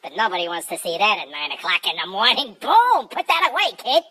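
A man's voice: high-pitched, fast talker, full character voice. A man voicing a furry male creature who complains about his morning routine in a jokey, exaggerated way. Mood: grumbling. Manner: exaggerated, jokey, sudden loud outbursts.

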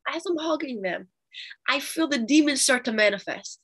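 Bright, animated young woman telling a testimony. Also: high voice, moderate pace, slightly rough. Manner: animated, chatty, with laughs and fillers. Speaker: Bible study teacher. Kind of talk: storytelling testimony in a Bible study.

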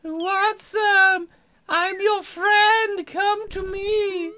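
A man voicing a creepy, sing-song male poop character in a game, crooning slowly. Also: steady tone, pushed and bright, full character voice. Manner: slow, high crooning singsong.

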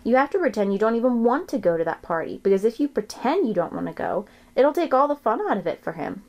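A woman voicing a mother in a storybook who gives calm, reassuring advice. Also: on the high side, fast talker, pitched above the performer's own voice. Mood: advising. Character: gentle, advising mother.

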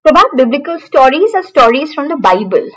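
A woman's voice: high-pitched, very animated, brisk, rough recording. A woman teaching a live online exam-prep class, repeating key points and calling out students by name.

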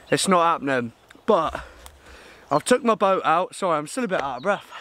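Easygoing outdoorsman vlogging to camera, slightly high voice, laughs at himself a lot. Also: pushed and bright, clear, resonant tone. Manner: chatty, laughs often, self-mocking. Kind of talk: casual talk to camera. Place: outdoors by a river and in woods.

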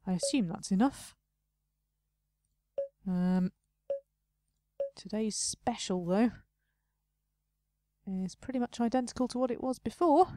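A woman's voice: on the high side, lively intonation, unhurried, pauses often, warm tone, slight background noise. A young woman casually commenting on her own gameplay, chatty and self-mocking, talking to herself as she plays. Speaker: let's play host.

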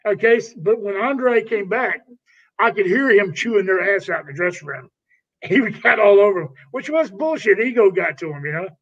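Older male ex-wrestler, high-pitched, loose and profane storyteller; dull lo-fi recording. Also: lively intonation, normal speed, fairly bright tone. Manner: rambling, profane, calls people brother. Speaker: retired pro wrestler, interview guest. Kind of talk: casual storytelling interview. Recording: dull lo-fi audio.

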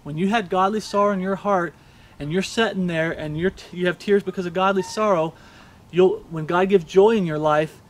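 A man's voice: high voice, normal speed. A man preaching a sermon for an online channel, earnest and repetitive, often checking in with "Okay?".

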